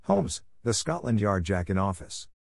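A huge, menacing old doctor blusters and snarls, as a man puts him on. His voice is raised a little above the reader's low voice, and the sound stays dry. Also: sing-song, normal speed, gravelly, darkish tone, no echo, exaggerated voice. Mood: furious.

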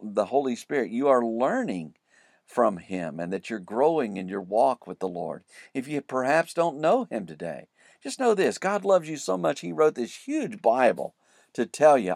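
A man's voice: mid-range voice, vocal fry, darkish tone, no echo, clean studio sound. A man teaching a verse-by-verse Bible study, praying and then explaining each word of the scripture in turn.

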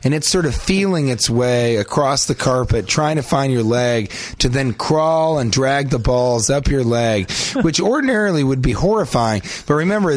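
Brief: young man, podcast co-host, dry close-miked deadpan storyteller. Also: mid-range voice, no room sound. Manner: deadpan absurd storyteller, bursts into shrieking acted voices.

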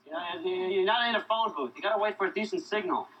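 A man's voice: high-pitched, fast talker, heavy background noise, natural voice. An actor playing a wry, folksy male technician with a drawling manner, heard as dull film audio.

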